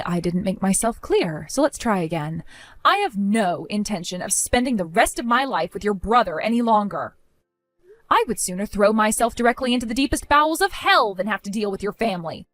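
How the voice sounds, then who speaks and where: Woman narrating her story, angry and cold, lively pitch, dry close sound, soft music behind. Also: no echo. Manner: cold, indignant, forceful. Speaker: narrator of a first-person story. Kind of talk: dramatic story narration with dialogue.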